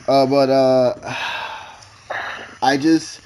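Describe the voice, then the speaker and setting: A man co-hosting a casual podcast, rambling and emotional, with constant halting restarts. His voice sits at an ordinary middle pitch, and a faint hiss runs under it. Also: steady tone, darkish tone, low-quality recording. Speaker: podcast co-host.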